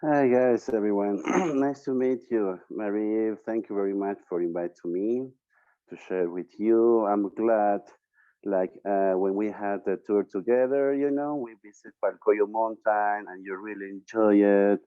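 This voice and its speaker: A Peruvian man with a Spanish accent joins the interview over a tinny, call-like line that sounds close and dry. His voice sits a little low, and he speaks English as a second language in a friendly, enthusiastic way, leaning on fillers. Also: steady tone, a little slow, smooth, no echo. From Peru. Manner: friendly and enthusiastic, with loose non-native phrasing and fillers like "you know". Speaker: interview guest, entrepreneur.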